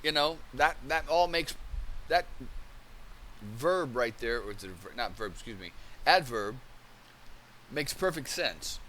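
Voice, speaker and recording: Man, bright tone, casual commentary, reads aloud, restarts often, faint hiss. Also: medium pitch. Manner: thinks aloud, rereads definitions, many restarts. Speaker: channel host.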